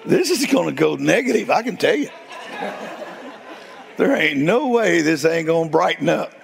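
A man preaching in a folksy storytelling way, laughing often and swinging between loud and hushed. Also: on the high side, animated, normal speed, creaky, in a large hall, some chatter behind. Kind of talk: storytelling sermon.

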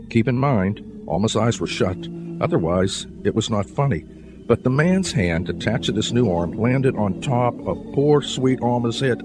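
A male evangelist telling a humorous, animated story in a sermon, with sudden jumps in pitch. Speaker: evangelist preacher.

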